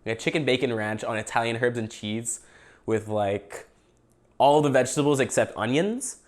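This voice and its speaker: A young Canadian man with a medium-pitched voice and moderate pace hosts a casual podcast livestream. He rambles and jokes while eating.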